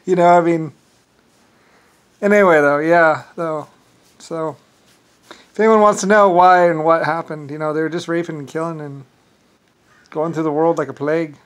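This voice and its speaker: Rambling man with a higher voice. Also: steady tone. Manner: meandering, halting, full of fillers and restarts. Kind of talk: rambling casual monologue.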